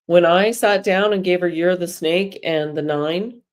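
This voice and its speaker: A woman's voice: fairly low pitch, normal speed. A woman hosting a live spiritual energy show, talking casually and chattily to viewers and laughing often.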